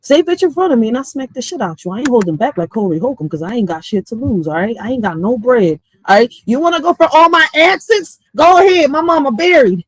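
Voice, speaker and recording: Woman, livestream host, animated, laughing, slangy, bright higher voice, dry close sound. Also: fast talker, few pauses, slightly rough, dry recording, rough recording. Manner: animated, laughing, slangy, swings between loud and quiet. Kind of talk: casual livestream talk.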